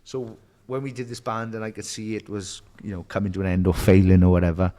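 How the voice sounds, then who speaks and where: A man's voice: lowish voice, level tone, fast talker, mellow. A middle-aged man with a Welsh accent from Merthyr Tydfil, a podcast guest telling stories in casual chat, swearing freely and acting out the voices of people he quotes. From Wales.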